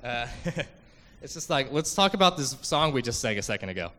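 A man's voice: mid-range voice, big pitch swings, a little fast, pushed and bright, in a large hall. A young man giving an earnest, emotional church testimony about a mission trip, full of fillers and restarts.

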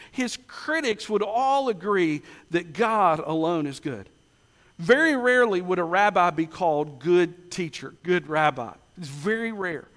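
A man preaching a sermon, asking rhetorical questions and slowing down to stress key words. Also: high voice, a bit bright. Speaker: pastor. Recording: long hall reverb.

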